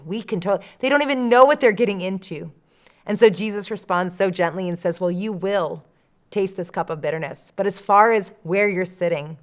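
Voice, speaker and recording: A woman giving a short church devotional, earnest and expressive, dropping soft and slow when she reads scripture. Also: mid-range voice.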